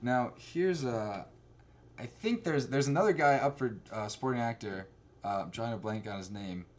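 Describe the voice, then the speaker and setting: A man hosting a casual chat, talking in an animated, rambling way. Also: mid-range voice, moderate pace. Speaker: host.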